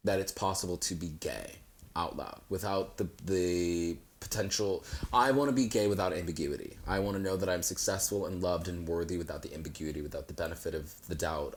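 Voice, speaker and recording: A young man chatting casually as a guest, telling stories with flamboyant, sassy flair. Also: deep voice. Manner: flamboyant, animated storytelling with sassy asides. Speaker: guest, actor. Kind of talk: casual chat.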